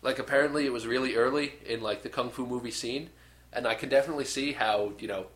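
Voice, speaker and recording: A man's voice: medium pitch, quick pace, fairly bright tone. A young man in casual chat, retelling a movie with lots of fillers and acted-out bits. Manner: rambling, filler-heavy, acts out scenes. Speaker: podcast co-host. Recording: echoey room.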